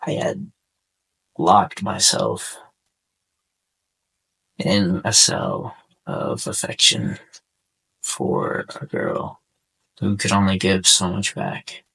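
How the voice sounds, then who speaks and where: Young man, low gravelly husky voice, slow and choked up, podcast host. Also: big pitch swings, sharp tone, rough recording. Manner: subdued, halting, heartfelt. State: sore throat, on the verge of tears. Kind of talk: casual personal monologue over gameplay.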